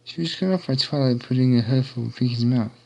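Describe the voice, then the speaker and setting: A man's voice: mid-range voice, quick pace, creaky, dark tone. Man reading a story aloud casually. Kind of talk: reading fan fiction aloud.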